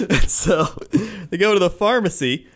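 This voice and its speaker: A man with a high-sitting voice speaks at a measured pace while co-hosting a casual podcast. Retelling a TV show, he tells the story animatedly, acting out quotes and laughing a lot.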